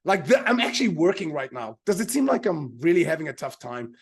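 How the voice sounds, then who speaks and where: A man's voice: fairly high pitch, very animated, quick pace, breathy edge. A man leading a live online motivational seminar as a mind power teacher. He talks with energy, repeats his key lines for emphasis and keeps asking the audience to answer in the chat.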